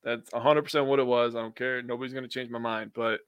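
A man's voice: mid-range voice, steady tone, fast talker, smooth, no echo, muffled recording. A young man from Wisconsin co-hosting a sports podcast, talking bluntly and opinionatedly, with some swearing. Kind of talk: casual chat.

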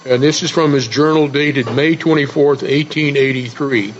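A man's voice: mid-range voice, fairly even intonation, moderate pace. A man on a radio talk show panel, telling old fables in a folksy way and reading aloud from a historical journal. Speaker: co-host and regular panelist. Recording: dull lo-fi radio broadcast with light noise.

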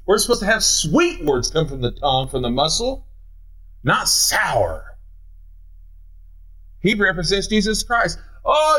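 A man's voice: high-pitched, a bit bright, low-quality recording. A middle-aged man with a Midwestern American accent preaching a sermon from a church pulpit, with big swings in delivery. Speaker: pastor. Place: church sanctuary.

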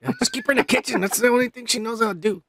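A man's voice: very high voice, racing, creaky, crowd noise. A tipsy man hosting a podcast, chatting crudely and rambling, with lots of swearing. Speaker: podcast host. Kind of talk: casual drunk banter.

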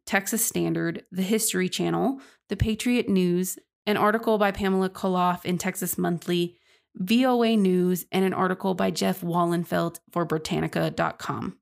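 A woman's voice: fairly low pitch, vocal fry. A young woman hosting a true crime podcast, narrating earnestly and speaking casually to her listeners. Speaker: podcast host.

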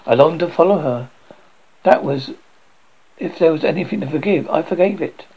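This lo-fi recording captures a man reading a classic horror story with theatrical flair. His voice is gravelly, husky, and a little high, at a normal pace, with occasional stumbles and restarts.

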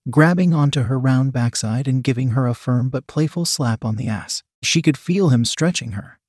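A man narrating a scripted erotic story in a steady, measured reading. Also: mid-range voice, husky, no echo, clean studio sound.

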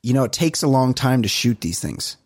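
A man co-hosting a podcast in casual chat, ranting in an animated way and swearing often. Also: medium pitch, a little fast, slightly rough, no echo, studio quality. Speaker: podcast co-host.

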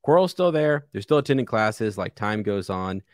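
A man's voice: on the low side, sing-song, normal speed, dry recording, clean studio sound. A man co-hosting a casual podcast about a book, enthusiastic and rambling with many restarts. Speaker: podcast co-host.

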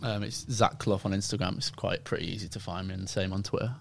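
A young man with an English accent, a footballer guest chatting casually on a podcast, relaxed and laughing easily. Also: low-pitched, fast, creaky. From England. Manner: relaxed, repeats words while thinking, laughs easily.

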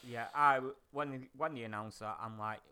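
A man's voice: medium pitch, fairly quick, pushed and bright, clean tone. A man co-hosting a podcast, speaking in casual chat, blunt and incredulous, swearing freely. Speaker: podcast co-host.

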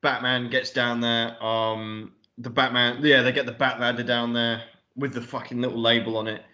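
Young man, bright forceful voice, rambling, sweary, podcast co-host. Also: medium pitch, little pitch movement, normal speed, muffled recording. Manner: rambling, sweary, lots of fillers. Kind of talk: casual film review chat.

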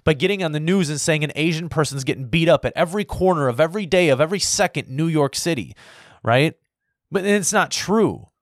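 A man's voice: a little high, expressive, brisk, no echo, studio quality. A man in his early thirties ranting in a casual, heated way, swearing often and rambling with lots of fillers. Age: 30s. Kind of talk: casual opinion rant to camera.

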